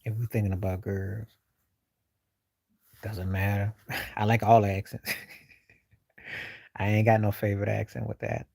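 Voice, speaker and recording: A man's voice: fairly low pitch, level tone, unhurried, gravelly, pauses often, a little mellow, no room sound, clean studio sound. A man hosting a livestream, rambling loosely with slang while answering viewers in casual chat. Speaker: livestream host.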